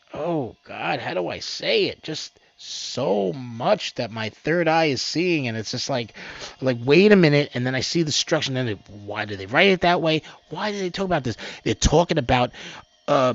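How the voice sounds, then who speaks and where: A man's voice: a little high, creaky, dry recording. A man hosting his own news commentary, reading reports aloud and rambling about them with frequent restarts. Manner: rambling, restarts often, mocks what he reads. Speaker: host of a news commentary channel. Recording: dull lo-fi dry recording.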